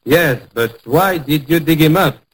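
A man's voice: on the high side, measured pace, natural voice. A man with a French accent plays a polite, formal visiting singer in an old radio comedy. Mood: courteous. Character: courteous male French crooner guest. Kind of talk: 1940s radio acting. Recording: hissy old radio broadcast.

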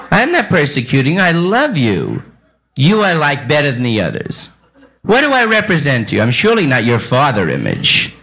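A man doing a live stand-up set on a nightclub stage, rambling and improvising banter with the audience. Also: mid-range voice. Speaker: stand-up comedian. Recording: hissy old live tape.

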